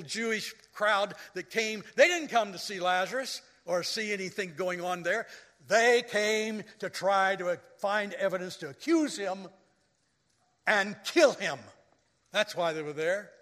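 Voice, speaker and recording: A man with a high, bright voice preaches a sermon in a church sanctuary, taking his time over each phrase. He tells stories and then swells into loud, dramatic quoted lines. His voice rings out with a long reverb from the hall around him. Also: measured pace. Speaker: pastor.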